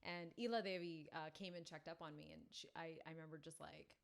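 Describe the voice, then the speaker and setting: A woman podcast guest telling a personal story, animated and full of "like" fillers. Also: deep voice, a little fast, vocal fry. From family from India.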